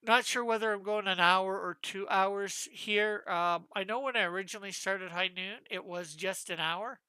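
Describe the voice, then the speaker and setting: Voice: mid-range voice, moderate pace, sharp tone, clear, resonant tone, no echo. A comic artist chatting casually with viewers on a live stream while drawing, thinking aloud and asking their advice.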